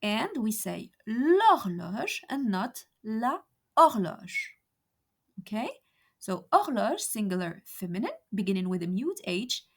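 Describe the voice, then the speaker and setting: A woman teaching a beginner lesson, saying example phrases slowly and carefully. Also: mid-range voice, sing-song. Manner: slow, careful over-enunciated example phrases. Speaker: French teacher.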